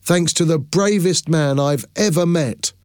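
A man's voice: on the high side, a little slow, a little mellow, clean tone, no echo, clean studio sound, voice pushed up, close to an everyday voice. A man voicing a loyal, earnest friend who speaks reassuringly in an audiobook. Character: loyal devoted male friend, soldier. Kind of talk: audiobook character voice.

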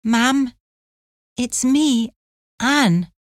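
A woman voicing a gentle, devoted young daughter who speaks softly and tenderly. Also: mid-range voice, lively intonation, unhurried, no echo, clean studio sound, close to an everyday voice. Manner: soft, tender speech.

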